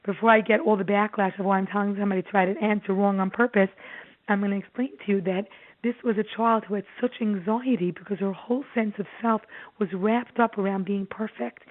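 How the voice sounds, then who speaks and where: A woman's voice: mid-range voice, brisk. Woman giving a parenting talk over tinny audio. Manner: earnest, animated storytelling with acted-out quotes. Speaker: child therapist giving a talk. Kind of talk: presentation to parents.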